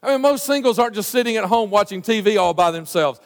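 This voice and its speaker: Pastor, high voice, chatty sermon style, church hall reverb. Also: male voice, fast, creaky. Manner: animated, conversational preaching with many restarts and fillers.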